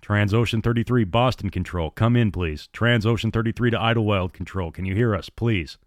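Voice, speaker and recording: A man's voice: lowish voice, brisk, no echo, lightly acted. A man voicing a shaken male radio operator in an audiobook, making repetitive, trembling radio calls.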